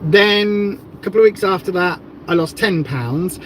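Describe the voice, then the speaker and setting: A woman's voice: mid-range voice, moderate pace, slight background noise, rough recording. A woman co-hosting a casual livestream, rambling and chatty with plenty of fillers. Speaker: livestream co-host.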